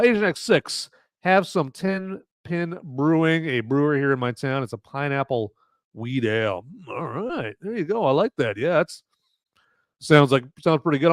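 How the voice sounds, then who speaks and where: A man's voice: medium pitch, dry recording, clean studio sound. A man hosting a live movie review podcast in a rambling, casual way, with many fillers and restarts. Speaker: podcast host.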